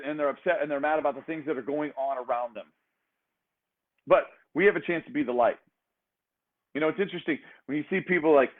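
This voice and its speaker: A man giving an energetic motivational talk as a fitness coach, speaking in emphatic, repeated exhortations. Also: a little high. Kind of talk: motivational speech. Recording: tinny phone-like sound.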